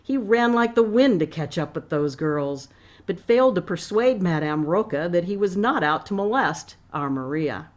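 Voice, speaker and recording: Woman author, reading her novel, measured, expressive, lowish voice.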